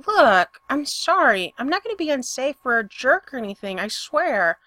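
A woman voicing a brash young woman rocker who talks loud, exasperated and profane. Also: high voice, sing-song, moderate pace, no room sound, exaggerated voice.

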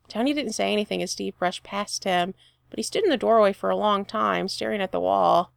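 A woman reading a fan fiction story aloud with expressive storytelling. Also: medium pitch, fairly quick, vocal fry, clean tone, no room sound, clean studio sound. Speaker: reader.

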